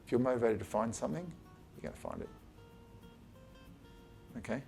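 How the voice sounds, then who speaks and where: A man's voice: medium pitch, brisk, vocal fry, over music. A man, an eye surgeon giving an informal talk to colleagues in his office, blunt and chatty, swearing casually and acting out exchanges with patients. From Australia. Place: his office, talking to a small group.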